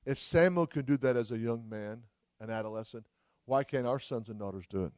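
A man's voice: medium pitch, fairly quick, a little mellow, no room sound. Fervent male preacher, dry sound. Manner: fervent, exclaims hallelujah often. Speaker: traveling preacher. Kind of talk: sermon. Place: church service.

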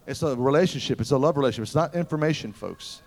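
A man preaching a sermon, telling stories in an animated way that swings from loud exclamations to hushed asides. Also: medium pitch, fast talker.

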